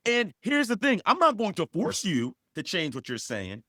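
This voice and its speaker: Forceful man giving blunt advice. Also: sits high, huge pitch swings, normal speed, few pauses, no room sound, clean studio sound. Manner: forceful, repetitive, rises sharply for emphasis. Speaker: podcast co-host. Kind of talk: emphatic advice talk.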